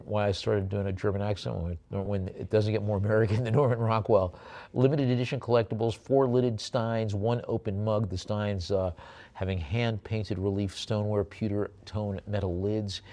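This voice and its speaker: A male auctioneer calling bids at a live auction, moving between brisk bid calls and rambling, halting asides about the items. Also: fairly low pitch, steady tone, warm tone.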